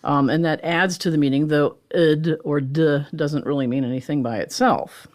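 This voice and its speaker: A woman, a professor explaining linguistics in a lively conversational way and often asking "right?". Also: low-pitched. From Pittsburgh, USA. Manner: animated and chatty, explains with rhetorical "right?" and quick laughs. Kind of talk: conversational lecture in an interview.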